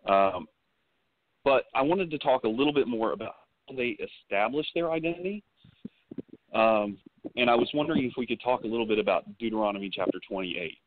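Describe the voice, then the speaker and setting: A man hosting a call-in interview, asking questions in a measured way. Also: mid-range voice, expressive, slight background noise. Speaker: host. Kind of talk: call-in talk show interview. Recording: tinny phone-line call-in audio.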